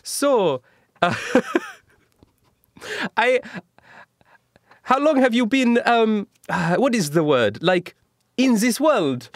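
A man voicing a boastful male Renaissance genius with a deliberately hammy fake Italian accent, pausing grandly during a tabletop role-play. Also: very high voice, big pitch swings, no room sound, clean studio sound, voice pushed up, full character voice. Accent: Italian (put on, deliberately bad).

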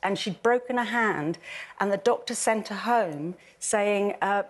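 A woman's voice: medium pitch, unhurried. A middle-aged English woman talking earnestly and emphatically as a guest on a daytime TV panel show, recorded in a studio. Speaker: guest campaigner.

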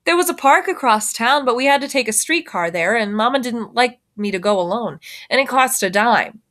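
A woman reading the part of a quiet, thoughtful young girl from the city, speaking softly and with reserve. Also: a little high, expressive, normal speed. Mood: explaining. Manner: soft, reserved.

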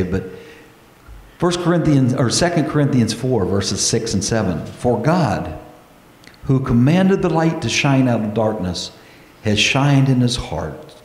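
Slow-preaching man in an echoey church. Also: mid-range voice, a little mellow. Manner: earnest, slow preaching with prayerful pauses. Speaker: pastor. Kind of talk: sermon. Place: church sanctuary.

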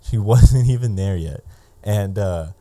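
A man's voice: lowish voice, unhurried, warm tone, dry recording. A young adult man telling a loose, profane story on a casual podcast as a guest comedian. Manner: loose, profane, lots of fillers.

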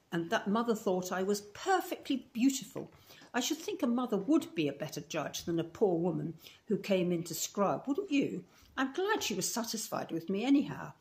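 A woman's voice: mid-range voice, darkish tone. A woman with a Scottish accent reading aloud as a talkative, romantic eleven-year-old orphan girl in a storybook. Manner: gushing, romantic, breathless run-on talk.

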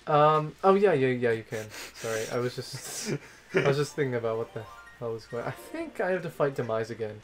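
A man's voice: medium pitch, expressive, a little fast. Give me a young man playing a game on a let's-play show, laid-back and distracted, trailing off mid-sentence, with faint game music behind. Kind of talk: casual let's-play banter.

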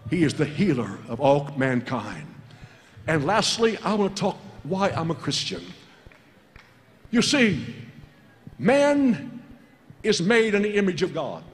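Man preaching with shouted calls in a hall. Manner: preaching with shouted calls and sudden drops in pitch. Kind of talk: sermon. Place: large church hall. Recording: long church hall reverb.

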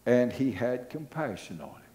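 Animated older pastor with a mellow voice. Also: male voice, medium pitch, normal speed. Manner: animated, repetitive, fillers, storytelling. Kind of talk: sermon.

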